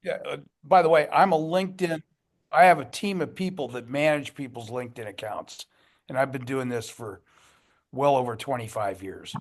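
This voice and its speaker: A man making a salesy networking pitch for his video services, with fillers. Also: normal speed. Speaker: video producer.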